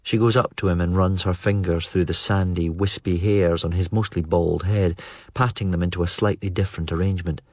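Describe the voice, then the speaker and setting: A man reading a novel aloud in measured, understated narration. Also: low voice, steady tone, no room sound, muffled recording. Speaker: audiobook narrator. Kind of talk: scripted narration.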